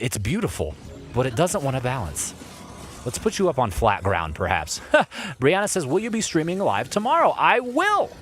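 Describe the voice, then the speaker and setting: Animated low-voiced male streamer. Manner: playful, talks to game objects and reads chat aloud. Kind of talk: live gameplay commentary. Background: faint game music.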